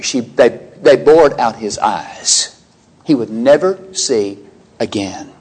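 A man preaching a sermon, emphatic and animated, acting out biblical characters' lines in quoted dialogue. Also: medium pitch.

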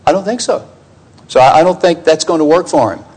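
A man's voice: expressive, fairly quick, darkish tone, slightly rough, rough recording. A man teaching through a Bible passage verse by verse, asking rhetorical questions and acting out the quoted lines. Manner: conversational, asks listeners rhetorical questions; acts out quoted lines with raised pitch.

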